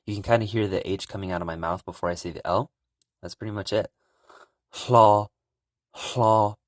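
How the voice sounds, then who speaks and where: A young man giving a relaxed, casual language lesson, calmly explaining pronunciation. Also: low-pitched, dry recording, studio quality. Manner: relaxed, repeats sounds slowly and loudly to demonstrate. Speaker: language teacher.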